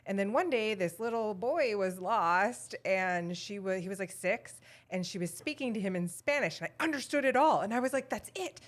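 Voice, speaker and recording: A woman's voice: mid-range voice, moderate pace, hardly any pauses. A woman with a mid-range voice on a casual podcast. She tells stories in an easygoing, teasing way. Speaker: podcast co-host.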